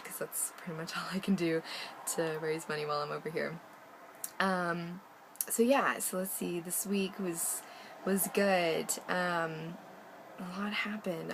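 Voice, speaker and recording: Chatty young American woman, creaky voice. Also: on the low side, fairly bright tone, a little hiss or hum, poor audio. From United States. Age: young adult. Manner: chatty and rambling, many ums, frequent laughs. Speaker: vlogger. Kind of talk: casual video diary.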